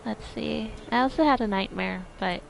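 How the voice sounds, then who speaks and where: A woman game streamer chatting softly with viewers, giggly and hesitant. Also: on the high side, normal speed, vocal fry, a little hiss or hum, rough recording. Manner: soft-spoken, giggly, hesitant. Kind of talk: casual chat.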